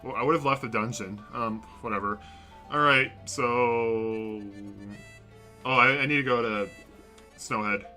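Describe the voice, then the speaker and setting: At his computer at home, a young man livestreams a video game and chats loosely with his audience, rambling and self-correcting a lot. His mid-range voice is bright and forceful, a little slow, with frequent pauses. A desk mic records him over soft background music.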